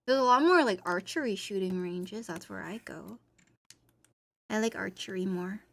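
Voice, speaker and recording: A woman's voice: mid-range voice, normal speed, vocal fry. A woman streamer in casual chat, reading and answering chat, playful and rambling with frequent giggles.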